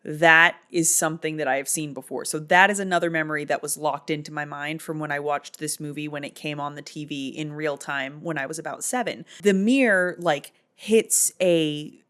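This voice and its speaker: A woman in her thirties with a lowish voice talks through a movie's plot. She is chatty and amused and rambles a little. Her tone is casual and conversational. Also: fairly even intonation, normal speed, few pauses, fairly bright tone. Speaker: movie recap vlogger.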